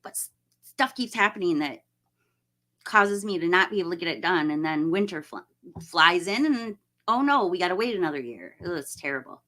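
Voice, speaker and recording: A woman's voice: on the low side, animated, brisk, sharp tone. A woman hosting a casual live stream, chatting and greeting viewers by name, laughing often.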